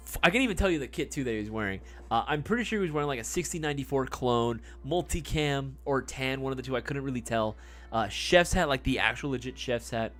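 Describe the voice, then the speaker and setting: A young man telling a story on a live stream in a rambling, casual way, with lots of fillers and swearing. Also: mid-range voice.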